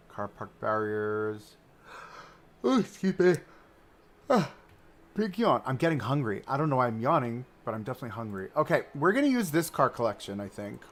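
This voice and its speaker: A man live-streaming a park-building game, chatting and thinking aloud as he browses and places items, swinging between excited outbursts and low mutters. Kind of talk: casual live-stream commentary while building.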